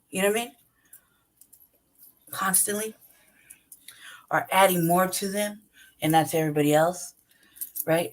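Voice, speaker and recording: A woman hosting her own channel, ranting bluntly and profanely in a commentary monologue, laughing between points and asking "right?". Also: low-pitched. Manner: talks straight to the listener with repeated "right?". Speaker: channel host.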